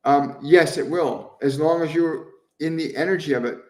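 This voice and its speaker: A man hosting a live stream as a spiritual medium, answering viewers' questions in a gentle, earnest way and repeating phrases over and over for emphasis. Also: a little high, moderate pace, far from the mic. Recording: roomy echo, voice somewhat off-mic.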